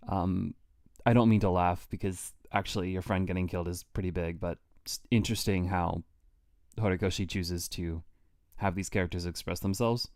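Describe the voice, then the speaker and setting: A man chatting casually on a reaction stream while reading through a manga chapter. He laughs often and restarts his sentences, in a low voice with dry, close sound. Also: fairly even intonation, normal speed, a little mellow, no room sound.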